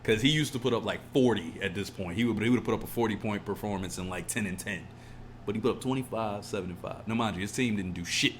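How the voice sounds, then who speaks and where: A man's voice: on the low side, fast, slight background noise. A man co-hosting a casual podcast, ranting emotionally and swearing a lot. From California. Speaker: podcast co-host. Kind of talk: casual chat.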